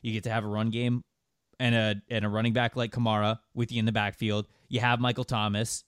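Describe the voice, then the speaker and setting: A man's voice: fairly low pitch, flat delivery, brisk, no room sound. Chatty man on a dry close mic. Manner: chatty and explanatory, reads listener questions. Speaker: podcast host. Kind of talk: casual podcast chat.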